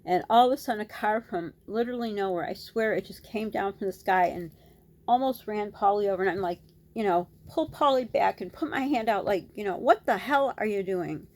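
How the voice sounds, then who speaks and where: Fairly quick and mid-range, this voice belongs to a middle-aged woman, a mother who vlogs. With dry lips, she gives an animated, scattered retelling of a story, casual and gesturing with her hands.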